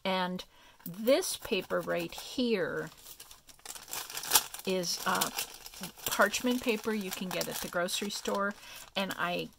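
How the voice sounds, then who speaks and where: Woman crafter, low and unhurried, gravelly, soft rambling show-and-tell. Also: background noise. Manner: soft, meandering, thinking aloud with many fillers. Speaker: craft vlogger.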